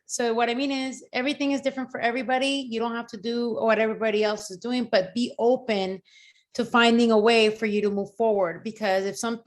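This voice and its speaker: A woman recovering from surgery who talks earnestly and encouragingly on a video call from her couch, repeating her key points. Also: on the high side. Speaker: mastermind group member. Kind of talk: candid personal sharing on a video call. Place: home, on a couch.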